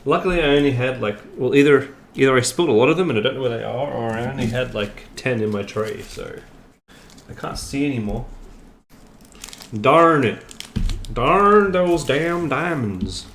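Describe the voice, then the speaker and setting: Man, middle-aged, self-mocking live-stream host, medium pitch, echoey home room. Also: fast, creaky, a little hiss or hum. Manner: chatty, self-mocking, laughs often. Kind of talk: casual live-stream chat. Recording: echoey room, faint ambience.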